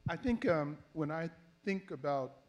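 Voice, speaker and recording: Older man, fairly high voice, halting reflective storytelling, elder activist, oral history interview. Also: expressive, dull audio. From Philadelphia. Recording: handheld mic in a panel setting.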